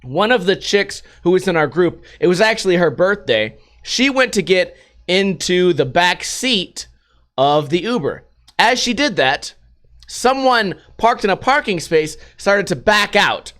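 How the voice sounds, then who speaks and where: Podcast host, male, high voice, casual and profane, acts out the voices in his anecdotes. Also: measured pace. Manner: profane, animated retelling with acted-out quotes. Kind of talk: casual storytelling and news commentary.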